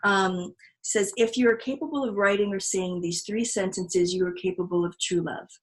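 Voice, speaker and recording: A woman's voice: mid-range voice, steady tone, moderate pace, rough recording. Woman podcast host, earnest and reflective, mid-range voice, casual conversational delivery. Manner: earnest and reflective, with frequent restarts and laughs.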